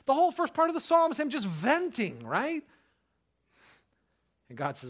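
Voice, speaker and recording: A man preaching a sermon, talking in a conversational way with frequent "right?", who swings from loud rising outbursts to soft hushed tenderness. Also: very high voice, wildly swooping pitch, moderate pace, long pauses. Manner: conversational, repeats words and asks "right?" often. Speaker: pastor.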